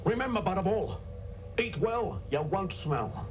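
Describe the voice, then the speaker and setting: An actor playing a gruff, bossy male sewage worker on a spaceship who scolds and drops his voice low on insults. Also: animated, a little slow, dull audio, noisy background. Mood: scolding.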